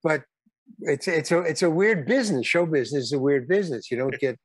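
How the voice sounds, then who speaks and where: An older man with a fairly high voice spins a rambling, halting anecdote full of restarts. The recording is dry and close, with no room sound. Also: husky, no echo. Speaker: guest. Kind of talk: casual storytelling.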